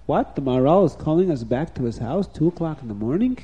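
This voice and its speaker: A man's voice: a little high, lively intonation, fast, warm tone, slightly rough, dull audio. A man as a distraught, pleading father. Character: distraught father, frightened and desperate.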